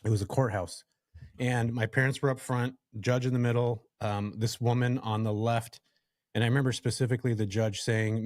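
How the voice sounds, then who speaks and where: A man from California, a podcast guest, telling a story from his working life in a casual, animated way and addressing the listeners directly. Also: mid-range voice, normal speed, dry recording, studio quality. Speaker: podcast guest, real estate investor.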